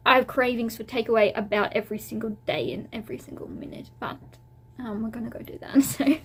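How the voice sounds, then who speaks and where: A woman's voice: medium pitch, steady tone, a little fast, husky. A young woman chatting casually to camera in a vlog, rambling and laughing at herself, a little teary. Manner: rambling, self-amused, giggly. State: teary and emotional. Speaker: vlogger.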